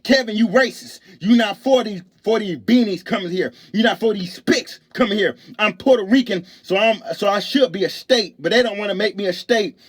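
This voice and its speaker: A man's voice: sits high, normal speed, hardly any pauses, slightly rough, voice pushed up. A man mimicking an accusing woman politician. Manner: repetitive, accusing. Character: female politician scolding a man as racist.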